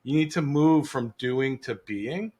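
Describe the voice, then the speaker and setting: Podcast co-host, male, lively delivery with many restarts, casual call chat. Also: mid-range voice, measured pace. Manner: animated, restarts often, acts out quoted voices.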